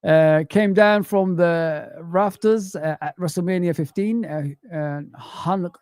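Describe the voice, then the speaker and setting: A young man hosts a casual live stream, ranting and circling back to the same points while reading viewer comments. His voice sits a bit high, and it comes through dry and close with no room sound. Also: steady tone, slow, a little mellow, clear, resonant tone, dry recording. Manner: ranting, repeats himself, reads viewer comments aloud.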